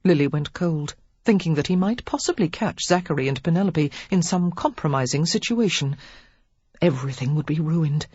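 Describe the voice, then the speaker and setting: A woman reading a novel aloud as an audiobook narrator, telling it in an expressive, measured way. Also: deep voice, breathy edge, no room sound, muffled recording. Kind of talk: scripted narration.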